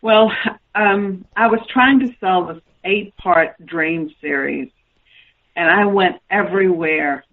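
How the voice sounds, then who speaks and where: A woman's voice: lowish voice, slow pace, phone-quality sound. A woman guest author telling anecdotes in a radio interview and acting out the dialogue she quotes. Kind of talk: storytelling interview.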